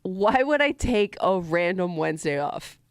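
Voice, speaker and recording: A woman's voice: lowish voice, lively intonation, a little slow, clean tone, dry recording, clean studio sound. A woman co-hosting a radio show, laughing as she denies the teasing. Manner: laughing, defensive denials. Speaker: radio co-host. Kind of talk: morning radio banter.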